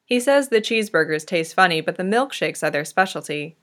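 A woman narrating a fan-fiction story in a gentle, tender manner. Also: on the low side, lively intonation, brisk.

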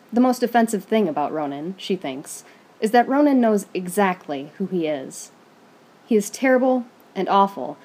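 A woman reading fan fiction aloud in a steady, even storytelling manner. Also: fairly low pitch, breathy edge.

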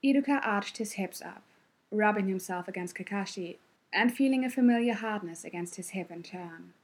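A woman reads fiction aloud in a soft hush. Her voice is breathy and a little husky, and she keeps it quiet and close. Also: medium pitch, normal speed. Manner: soft, hushed, close delivery. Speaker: reader. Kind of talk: hushed audiobook-style fan fiction narration.

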